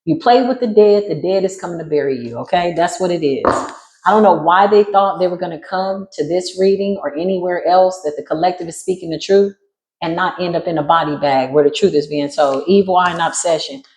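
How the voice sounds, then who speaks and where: A woman giving a spiritual reading in a casual monologue, brash and sassy, swearing freely and jumping into sudden high squeals. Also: a little fast, darkish tone, reverberant, low-quality recording. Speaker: spiritual reader.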